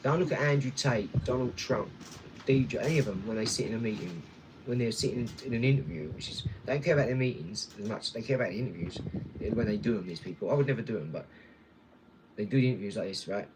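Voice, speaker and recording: A man's voice: mid-range voice, quick pace, noisy background. Blunt rambling man vlogging. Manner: blunt, rambling, addresses viewers directly. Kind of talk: casual rambling vlog talk.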